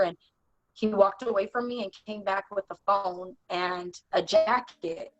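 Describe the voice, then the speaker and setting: A young adult woman telling her own story in conversation, in a halting, earnest way full of "like". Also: medium pitch, fairly even intonation. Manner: halting, earnest, heavy use of "like". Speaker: interview guest. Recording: dull, dry lo-fi recording.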